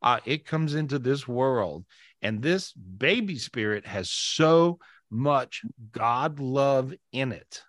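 Soft-spoken male spiritual host. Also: mid-range voice, dry recording, studio quality. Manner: soft, slow guided prayer drifting into animated chat. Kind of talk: live video-call podcast talk. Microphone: video call.

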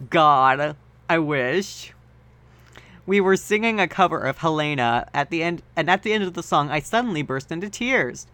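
A man reads a story aloud in a bright, fairly high voice, switching from deadpan delivery to quick joking asides. The setting is a podcast recording in a dry, close room. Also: no echo. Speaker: podcast co-host and reader. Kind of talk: comedic dramatic reading.

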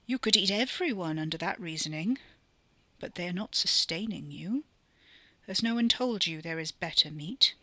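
A woman voicing an ancient otherworldly male enchanter who speaks in measured, riddling questions. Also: on the low side, animated, sharp tone, dry recording. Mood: calm.

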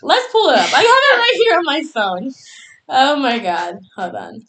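A young woman co-hosts a loose, giggly podcast chat, peppering her talk with 'like' and curse words. Her voice sits a little high and jumps around a lot. The room around her sounds hollow and echoey. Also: very animated, normal speed, fairly bright tone. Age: young adult. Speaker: podcast co-host. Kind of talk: casual chat.

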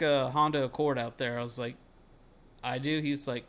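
Young man, rambling podcast storyteller, lots of "like", casual swearing, middle pitch. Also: fairly even intonation, normal speed. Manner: rambling, heavy on filler "like", swears freely, shouts when quoting himself. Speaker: podcast co-host.

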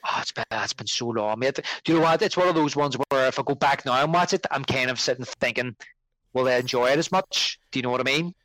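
A man's voice: mid-range voice, fast, a bit bright, dry recording, low-quality recording. A man, a podcast guest in casual chat, rambling and correcting himself as he talks. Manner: rambling, self-correcting, conversational.

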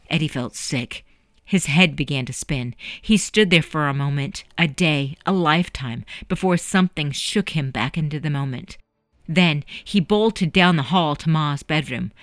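Low-voiced woman narrating a story podcast. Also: dry recording, clean studio sound. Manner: measured, earnest storytelling. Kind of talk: scripted narration.

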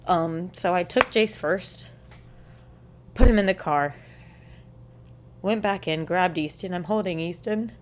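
A young woman telling a personal story in a halting, emotional way, close to tears at times. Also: lowish voice, a little mellow. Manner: halting, emotional, with many restarts.

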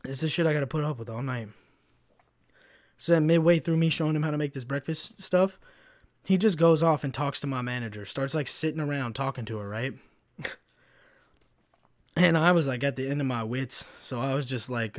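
A man's voice: mid-range voice, a little fast, no room sound, studio quality. A young man hosting a podcast, telling a story from work in a casual, exasperated and profane way, full of "bro" and "like". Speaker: podcast host. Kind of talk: casual venting monologue.

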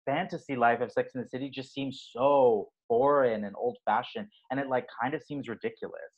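A man's voice: medium pitch, normal speed, slightly rough. Man, comedian, podcast co-host, teasing, wry, muffled lo-fi sound. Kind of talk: casual podcast chat.

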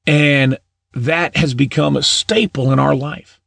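A man's voice: fairly high pitch, steady tone, takes it slowly, vocal fry, breathy edge, no room sound. A middle-aged man preaching in a casual storytelling way, often repeating his words. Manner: warm anecdotal, repeats words, laughs at own stories.

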